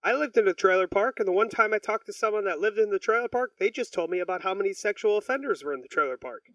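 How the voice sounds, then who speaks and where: A man's voice: sits high, animated, quick pace, a bit bright, no echo, distant mic, rough recording. A man co-hosting a podcast in casual, profane chat, rambling and acting out the people he quotes. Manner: rambling, swears a lot, acts out quoted people. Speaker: podcast co-host.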